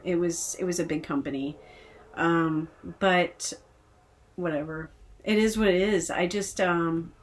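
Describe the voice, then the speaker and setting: A woman from Texas venting in a casual personal vlog, frustrated and rambling with many hesitations. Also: fairly low pitch. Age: adult with decades of work history. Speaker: vlogger.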